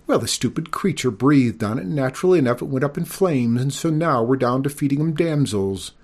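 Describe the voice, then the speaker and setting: A man voicing a shrill, chatty young princess in a storybook reading, pitched up and quick. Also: expressive, darkish tone, breathy edge. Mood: chattering.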